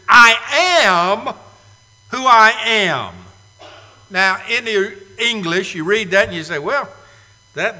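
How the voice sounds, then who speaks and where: A male preacher delivering an emphatic sermon with dramatic pauses and loud bursts. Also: sits high. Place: church sanctuary. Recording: long reverb of a large hall.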